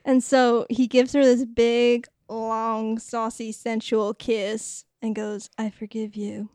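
A woman's voice: on the high side, level tone, slow pace, a little mellow, smooth, no echo, studio quality. A woman co-hosting a podcast, recapping a movie in casual chat with giggles and acted-out lines. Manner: chatty, giggly, acts out characters' lines. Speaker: podcast co-host.

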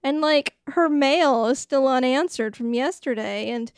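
A woman's voice: high voice, a little slow, clear, resonant tone, no echo, clean studio sound. A woman co-hosting a podcast, retelling a movie plot in a playful, giggly way. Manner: giggly, playful, acts out quotes. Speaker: podcast co-host.

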